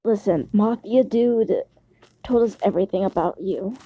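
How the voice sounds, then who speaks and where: A woman's voice: medium pitch, normal speed, slightly rough, lo-fi sound. A woman voicing a young female crewmate who offers casual, offhand reassurance. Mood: reassuring.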